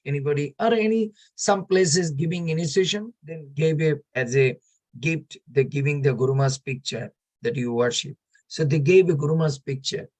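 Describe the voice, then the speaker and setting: A man giving a devotional story talk in non-native, broken English, as an animated storyteller who acts out his characters' quotes. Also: a little high, low-quality recording. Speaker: devotional speaker.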